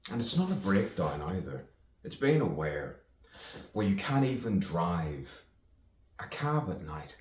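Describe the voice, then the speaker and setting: A low-voiced man rambles through a self-recorded monologue at a measured pace, his dark-toned delivery sing-song. Musing and sardonic, he asks himself questions and laughs at himself. The mic is distant in an echoey room, with faint background noise.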